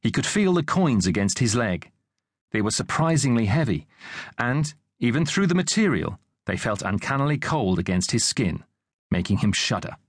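A man narrating an unabridged audiobook in a measured, expressive reading. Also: mid-range voice, husky, no echo, clean studio sound.

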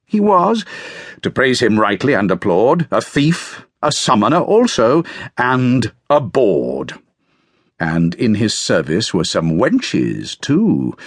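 A man with a British accent reading a verse tale aloud in a measured, theatrical way, with a husky voice. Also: no echo, studio quality. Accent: British English. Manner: measured, theatrical reading with lively swings of pitch. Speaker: audiobook narrator. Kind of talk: scripted narration of a verse tale.

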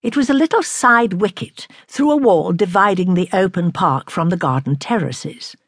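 A woman narrating a classic novel in a measured, expressive way. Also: lowish voice, slightly rough, dry recording, clean studio sound. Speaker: audiobook narrator.

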